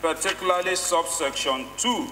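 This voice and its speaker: A man's voice: high voice, moderate pace, sharp tone, slight background noise. A Nigerian man addressing parliament, quoting law and stressing single words emphatically. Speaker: lawmaker. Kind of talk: parliamentary speech. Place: legislative chamber. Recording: echoey chamber from a distance.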